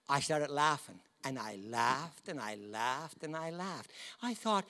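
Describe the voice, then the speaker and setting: A man preaching a storytelling sermon, humorous and animated, often laughing and swinging from hushed to loud. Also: on the high side, unhurried, few pauses. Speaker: guest preacher.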